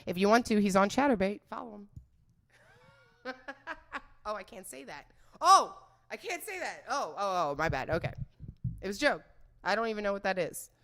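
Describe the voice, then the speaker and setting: A young woman hosting a podcast, telling a story in an animated, profane, joking way. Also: medium pitch, moderate pace, long pauses. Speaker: podcast host.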